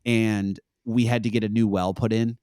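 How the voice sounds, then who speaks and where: A man's voice: lowish voice, little pitch movement, normal speed, darkish tone, smooth, dry recording, studio quality. A young man, a podcast guest, chatting casually and telling stories in a laid-back way, laughing often. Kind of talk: casual chat.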